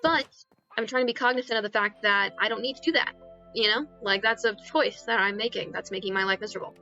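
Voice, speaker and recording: A young woman streaming a game, keeping up an excitable, self-mocking running commentary as she plays. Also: medium pitch, fast, muffled recording, soft background music. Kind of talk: casual live-stream chatter while gaming.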